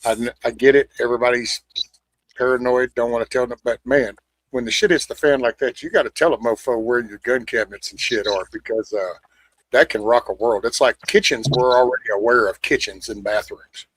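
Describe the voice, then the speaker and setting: Husky-voiced man, blunt and profane. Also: medium pitch, a little fast, no echo, rough recording. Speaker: show host. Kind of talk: casual chat.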